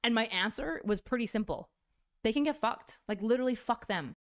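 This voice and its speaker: A woman's voice: fairly high pitch, expressive, brisk. A woman content creator talking bluntly and profanely in a rambling casual stream. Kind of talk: clip of casual stream talk.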